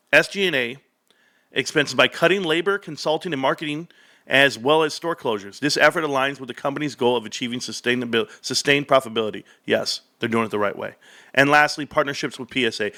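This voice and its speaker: A man giving excited solo commentary on a company's earnings, emphatic and repetitive, talking straight to his viewers. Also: mid-range voice. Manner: hyped, emphatic, repeats phrases, addresses viewers as guys. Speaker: stock commentary youtuber.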